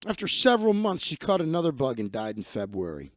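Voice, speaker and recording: A man's voice: mid-range voice, huge pitch swings, quick pace, no room sound, studio quality. A man hosting a live stream, reading news stories aloud and ranting bluntly with heavy profanity.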